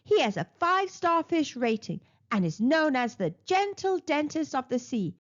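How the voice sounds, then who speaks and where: A woman's voice: high-pitched, very animated, moderate pace, voice pushed up. A woman voicing a firm, commanding mother shark, on a dull lo-fi recording. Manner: firm, declaring.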